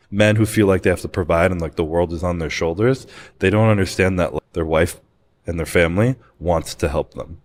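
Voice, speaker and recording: Fast-talking low-voiced man sharing a personal story. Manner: open, emotional storytelling with frequent swearing and fillers. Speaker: guest. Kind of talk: candid podcast conversation.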